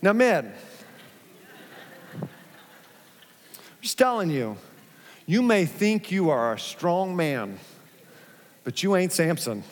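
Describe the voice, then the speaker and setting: A man's voice: a little high, long reverb tail. A male pastor preaching a sermon in a church, conversational and joking with the congregation. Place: church sanctuary.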